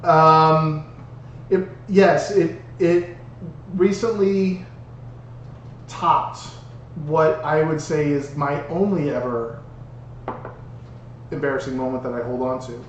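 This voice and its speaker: A man co-hosting a podcast, telling an embarrassing story in an animated way and laughing through it. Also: fairly high pitch, slow, pauses often, highs cut off. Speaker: podcast co-host. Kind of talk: casual storytelling chat. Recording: roomy, distant mic with background noise.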